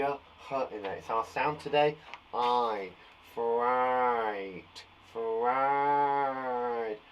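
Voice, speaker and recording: A man's voice: on the high side, dull audio, slight background noise. A man teaching a phonics lesson to young children online, upbeat and playful, joking and praising often. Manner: upbeat and playful, sings and jokes.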